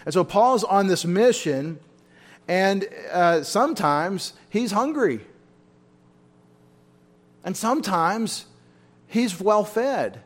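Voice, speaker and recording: A man's voice: sits high, lively intonation, slow, long pauses. A man teaching a Bible study in a church, talking informally and asking his listeners questions. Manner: informal, asks the room questions.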